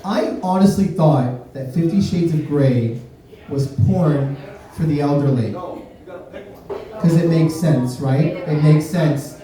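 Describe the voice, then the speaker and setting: A man from Miami doing a stand-up comedy set, deadpan, breaking into sudden high-pitched voices when he acts out quotes. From Miami, USA. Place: comedy club stage. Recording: roomy club sound from a distance. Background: audience laughter.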